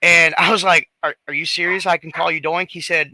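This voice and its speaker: A man chats casually, telling a long and animated story full of restarts and fillers. His voice has a very bright, forward tone and sits slightly higher than most. The sound is dry and close, with no room echo. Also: a little fast. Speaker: podcast co-host.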